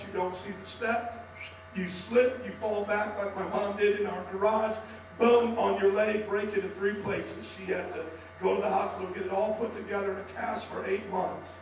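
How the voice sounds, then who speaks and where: A male pastor with a strained, worn voice, preaching an impassioned sermon that swings into shouts for emphasis. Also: sits high. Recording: echoey hall from far off with faint hum.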